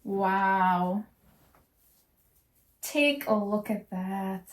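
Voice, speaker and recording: A woman with a medium-pitched voice draws out her words as she unboxes a handmade gift on camera. She's a crochet vlogger in a casual unboxing vlog, gushing with emotion and repeating her praise again and again.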